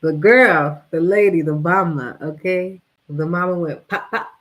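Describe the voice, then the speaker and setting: Woman, vlogger, casual storytelling, slangy, laughs a lot, slow delivery. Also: on the low side, rough recording. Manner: animated, laughs often, slangy.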